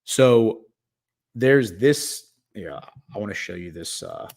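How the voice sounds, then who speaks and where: A man's voice: on the low side, lively intonation, slow, creaky, darkish tone. A man hosting a casual talk show, telling a long story full of fillers and acted-out quotes. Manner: rambling, filler-heavy, acts out quotes. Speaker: podcast host.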